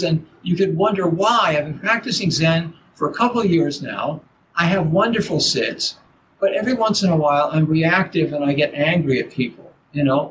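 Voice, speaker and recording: An older man teaching Zen in a halting dharma talk, full of restarts and "you know"s. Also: on the high side. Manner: halting, repeats words, many "you know"s. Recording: noisy background.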